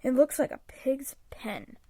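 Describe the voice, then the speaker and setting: A woman reads a children's picture book aloud with expressive storytelling flair, close to a home mic. Her voice is high and unhurried, with no room sound.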